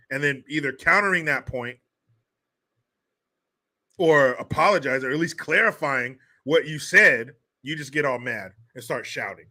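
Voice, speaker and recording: A man hosts his livestream with a bright, sharp-edged voice pitched a little high. He rants in heated, profane, mocking commentary. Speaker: livestream host.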